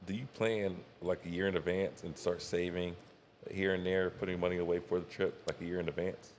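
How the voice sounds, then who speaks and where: A man's voice: sits low, level tone, brisk, darkish tone, a little hiss or hum. A man co-hosting a podcast, asking questions in a laid-back, casual way that trails off. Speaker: podcast co-host. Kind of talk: casual chat.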